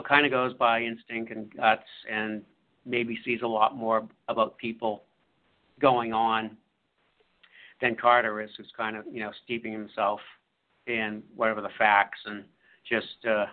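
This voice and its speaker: A man, an author, talking about his book in a halting way with many fillers. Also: mid-range voice, little pitch movement. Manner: halting, full of fillers and restarts. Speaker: author being interviewed. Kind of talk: casual radio interview. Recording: phone-like line.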